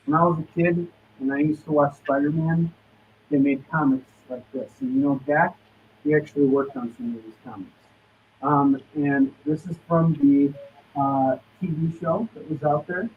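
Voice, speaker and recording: A man selling comics on a live stream lists titles and prices in hustling sales patter. His voice is a little high and steady, moving at a moderate pace, and a little hiss or hum sits under it. The stream audio comes across distant, dull and lo-fi.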